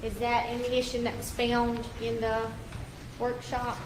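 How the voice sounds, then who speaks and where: A woman prosecutor questions a witness in court, slowly and haltingly, with frequent ums. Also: fairly high pitch, monotone. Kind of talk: courtroom direct examination. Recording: echoey courtroom with noise.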